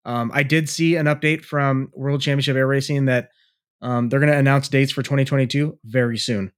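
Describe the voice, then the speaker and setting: A man's voice: medium pitch, steady tone, a little fast. Laid-back man talking from his garage. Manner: laid-back, loose, sprinkled with "man" and "hell yeah". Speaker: podcast co-host. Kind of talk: casual chat. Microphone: remote call.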